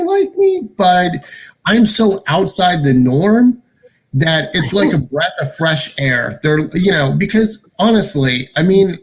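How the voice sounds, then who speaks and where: A man chatting as a guest, telling stories in a lively, rambling way. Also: high voice. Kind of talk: casual chat.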